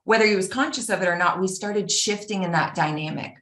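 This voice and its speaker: A woman giving an earnest, animated personal talk, acting out the voices of the people she quotes. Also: medium pitch, fairly quick. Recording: roomy echo.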